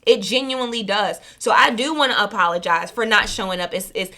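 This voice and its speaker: Bright-toned woman doing a spiritual reading vid, rambles and restarts a lot, real casual. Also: mid-range voice, fairly quick. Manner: rambling, earnest, self-correcting, colloquial. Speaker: spiritual reader and channel host. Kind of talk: casual heartfelt monologue to viewers.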